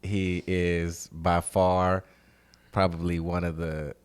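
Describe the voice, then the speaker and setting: A man's voice: low voice, level tone, slow pace, clear, resonant tone. A man from Los Angeles, a podcast guest, talking emphatically in casual chat. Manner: emphatic, shouting out a local legend.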